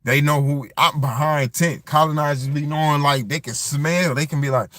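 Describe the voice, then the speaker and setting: A man's voice: a little high, steady tone, moderate pace, fairly bright tone, dry recording, studio quality. A man talking in a loose, rambling vlog monologue, circling back and restarting his thoughts as he goes. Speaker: vlogger. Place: tent.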